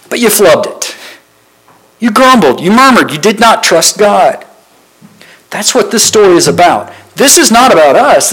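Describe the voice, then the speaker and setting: A man's voice: high-pitched, fairly bright tone, rough recording. A man preaching a sermon, reading scripture verses and asking the listeners questions, stressing his points with short repeated phrases. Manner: asks the listeners rhetorical questions; emphatic repetition of short phrases.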